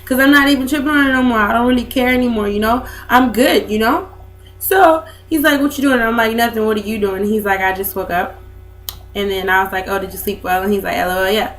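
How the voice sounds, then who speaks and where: A woman's voice: on the high side, fast talker, slight background noise. A young woman, rambling in a casual vlog with lots of fillers. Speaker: vlogger. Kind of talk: casual chat to camera.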